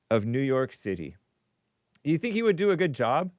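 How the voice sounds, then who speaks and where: A podcast host runs a call-in talk show, reading super chats from viewers in a casual monologue. His mid-range voice moves at normal speed, and he rambles in an animated way, often interrupting and restarting himself. The recording is clean studio sound with no room sound.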